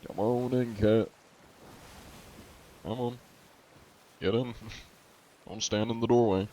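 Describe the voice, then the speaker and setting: A man's voice: medium pitch, fairly even intonation, slow pace, warm tone, a little hiss or hum. A man streaming a game live from a room at home, chatting playfully and jokingly greeting his viewers by name. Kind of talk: casual live-stream chat.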